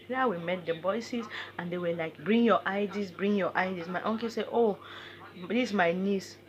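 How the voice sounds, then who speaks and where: A woman's voice: lowish voice, dull audio. A young woman with a Cameroonian English accent, telling her own story in an emotional vlog with quoted dialogue. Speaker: vlogger.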